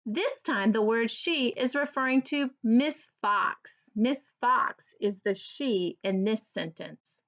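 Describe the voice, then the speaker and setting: A woman teacher giving an early reading lesson for children, slowly and clearly sounding out each word. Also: on the high side, expressive, fairly bright tone.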